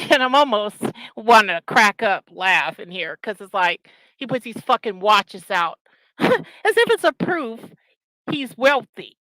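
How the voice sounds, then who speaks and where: A woman delivers a scornful, profanity-laced rant straight to her viewers. Her tone is bright and tense, and she takes her time as she hammers each point home. The sound is dry and close. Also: mid-range voice, big pitch swings, measured pace, no echo, rough recording. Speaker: channel host. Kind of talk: angry ranting commentary.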